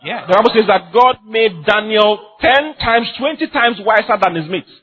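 A man's voice: high voice, expressive, normal speed, muffled recording. A man preaching a sermon as pastor, emphatic and repetitive, often laughing as he speaks.

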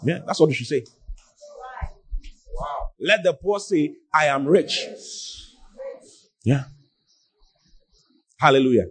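A man preaching a sermon as pastor, often mimicking his congregants in an animated way. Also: on the high side, slow, long pauses.

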